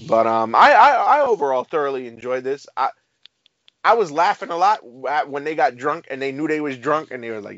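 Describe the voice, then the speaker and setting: A man in a casual chat, talking in an animated way, with laid-back slang and lots of fillers. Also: a little high, fairly quick. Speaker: podcast co-host. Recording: dry, slightly dull recording.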